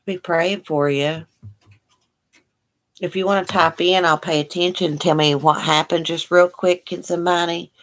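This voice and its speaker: With a lowish voice, a steady tone, and a moderate pace, this livestream host reads out viewer comments. She responds with sympathy, keeping things chatty and folksy on her casual stream.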